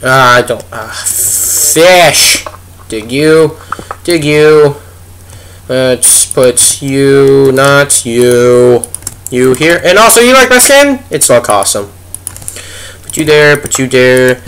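A man's voice: mid-range voice, very animated, takes it slowly, fairly bright tone, clear, resonant tone. A young man giving goofy, chatty let's play commentary as a gaming video host, talking to the animals in the game. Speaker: gaming YouTuber.

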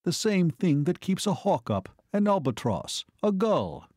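A man voicing a calm male lieutenant colonel who politely explains things to his commander. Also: high-pitched, unhurried, slightly rough, no echo, studio quality, voice pushed up, full character voice. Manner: polite, explanatory, says sir.

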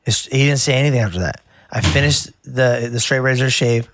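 A man's voice: mid-range voice, fairly quick, slight background noise. A man who works as a barber, telling a rambling story in casual chat and calling the listener "bro". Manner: animated, rambling, says "bro" a lot.

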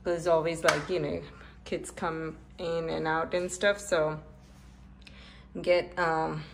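A middle-aged woman talks slowly and rambles through a home repair, full of fillers and pauses. Her voice sits a little low and she sounds out of breath from pulling. Faint room ambience hangs behind her. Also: vocal fry, a little hiss or hum. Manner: rambling, halting, with frequent fillers. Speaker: home vlogger. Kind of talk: casual home repair vlog.

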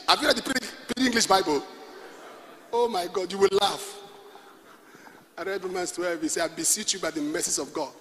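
Nigerian pastor, male, high bright voice, emphatic sermon delivery, long hall reverb, faint background noise. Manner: emphatic preaching, alternating soft asides with shouts; leads call-and-response prayer and prays in tongues.

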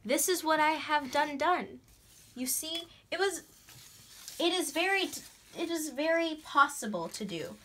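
A young woman chatting through a craft tutorial in a bubbly, excitable way, breaking into gasps and squeals. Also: high-pitched, a little slow, a little hiss or hum. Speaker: craft vlogger. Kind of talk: casual DIY tutorial chat.

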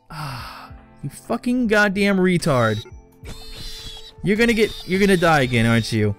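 A man's voice: fairly high pitch, fairly bright tone. A young man commenting on his own gameplay, swearing and scolding the characters in exasperation. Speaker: let's play gamer.

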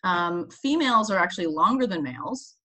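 A woman scientist talks through animal facts in a relaxed, chatty way, often laughing. Her voice sits a bit low for a woman. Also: a little fast. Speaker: marine mammal scientist co-host. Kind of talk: casual educational chat.

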